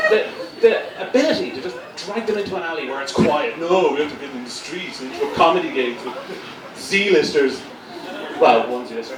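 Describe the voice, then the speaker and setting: A man performing a live stand-up set, sardonic and foul-mouthed, rambling through his stories. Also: fairly high pitch. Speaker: stand-up comedian. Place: comedy gig venue, indoors. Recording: roomy, distant mic, crowd noise. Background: audience laughter.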